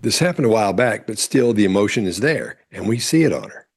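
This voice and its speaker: A man working as a body language analyst comments over courtroom clips, explaining testimony in an instructive way. His voice is fairly low and slightly rough, with a sing-song lilt and a fast delivery.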